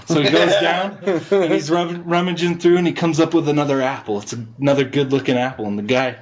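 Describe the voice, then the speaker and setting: A man's voice: on the high side, steady tone, brisk. Man acting out a dirty joke. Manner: playful, crude storyteller who acts out the characters' lines. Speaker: podcast co-host. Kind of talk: casual joke-telling. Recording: dull lo-fi podcast audio.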